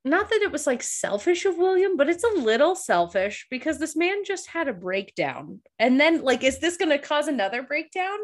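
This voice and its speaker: A woman's voice: high-pitched, sing-song, moderate pace, hardly any pauses. A woman co-hosting a podcast, chatting about a TV episode in a talkative, emotional way. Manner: emotional, talkative, laughs and gets teary. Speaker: podcast co-host. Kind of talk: casual chat recapping a TV episode.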